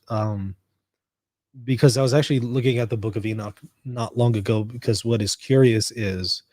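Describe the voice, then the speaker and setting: A man's voice: medium pitch, mellow, dry recording, studio quality. Chatty American man hosting a livestream. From United States. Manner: conversational, reads chat comments aloud and riffs on them. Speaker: livestream host. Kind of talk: casual livestream chat.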